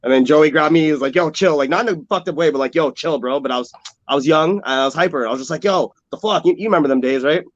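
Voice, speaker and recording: A man's voice: a little high, no echo. Laughing man on a dull, dry mic. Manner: laughs often, quick interjections, recounts fights. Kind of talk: casual storytelling chat.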